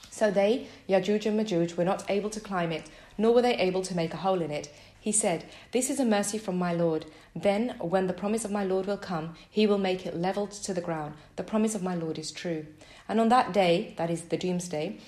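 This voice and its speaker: A woman reading a scripture translation aloud in a measured, even way. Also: on the low side. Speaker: scripture reader.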